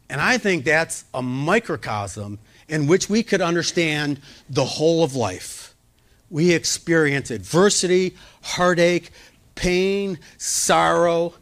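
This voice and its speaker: A male pastor preaching a sermon, lifting his voice for quoted pleas and dropping it soft and low to comfort.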